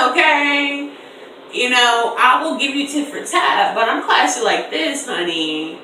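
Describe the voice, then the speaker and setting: Young woman in her 20s spilling a club story, bright sharp voice, slangy, echoey room w/ mic kinda far. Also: high-pitched, takes it slowly, slight background noise. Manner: animated, slangy, acts out voices in quotes. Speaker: vlogger. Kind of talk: casual storytime.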